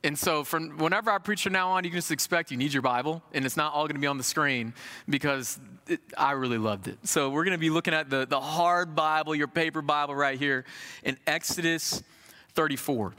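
Bright-voiced, animated man preaching a sermon. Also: on the high side, a little fast, in a large hall. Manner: animated, conversational preaching with folksy asides.

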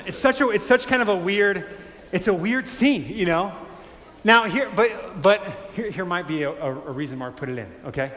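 A man preaching a sermon in a conversational, animated way, acting out quotes. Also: sits high, normal speed. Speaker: pastor. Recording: echoey hall with faint ambience.

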